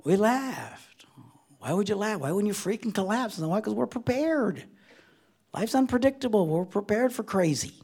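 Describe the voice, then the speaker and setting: A middle-aged male pastor tells comic stories from the pulpit with a high, gravelly voice. His delivery swings widely between loud bursts and quiet asides. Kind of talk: humorous storytelling sermon.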